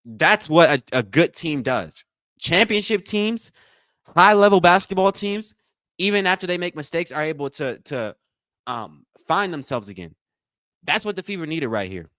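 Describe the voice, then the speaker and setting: A man hosting a live watch-along stream, calling plays, thanking donors, and repeating himself with excitement. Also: on the high side, normal speed, no echo. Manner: excitable, repeats phrases, says y'all a lot. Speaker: livestream watch-along host. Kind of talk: live game commentary and chat.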